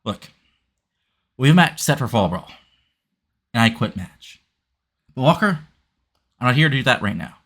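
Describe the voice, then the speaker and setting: A man's voice: medium pitch, very animated, normal speed, long pauses, a bit bright, pitched above the performer's own voice. A man voicing a threatening veteran male wrestler issuing a warning to a younger rival. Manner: menacing, gruff.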